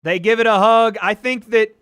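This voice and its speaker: A man hosting a livestream watch party calls the punches of a fight live, his excitable commentary growing sweary as things heat up. His voice sits high, with a clear, resonant tone, delivered at a moderate pace and recorded without echo.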